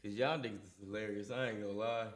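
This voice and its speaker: A man's voice: lowish voice, steady tone, fast talker. A man co-hosting a live reaction stream, teasing and laughing in profane casual banter.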